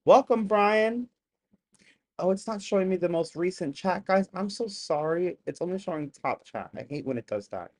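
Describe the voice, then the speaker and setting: Live-stream host, casual reaction commentary, mid-pitched voice, excitable with sudden loud outbursts, chatty asides to the chat. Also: fairly quick, hardly any pauses. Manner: excitable, bursts into loud exclamations; chatty, apologetic asides to viewers.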